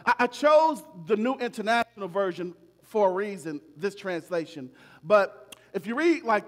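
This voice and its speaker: High-voiced man preaching in an echoing hall. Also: fairly bright tone. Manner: emphatic preaching, repeats phrases for stress. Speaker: pastor. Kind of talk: sermon. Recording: long reverb of a large hall.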